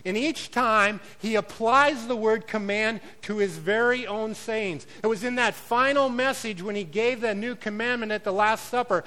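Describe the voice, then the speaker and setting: A man preaching a sermon as pastor, swinging between loud declarations and quiet, conversational asides. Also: sits high, moderate pace, few pauses, low-quality recording.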